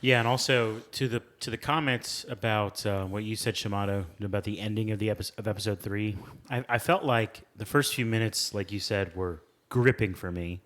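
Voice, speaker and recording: A man's voice: lowish voice, normal speed, few pauses, fairly bright tone. A man co-hosting a podcast, giving candid opinions in a laid-back casual chat. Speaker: podcast co-host.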